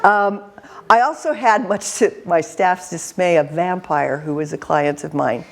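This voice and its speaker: A woman in her fifties, a career counselor, telling lively stories in an interview with an intense manner and frequent laughter. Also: lowish voice, unhurried, vocal fry, background noise. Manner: animated, laughing storyteller. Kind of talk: storytelling in an interview.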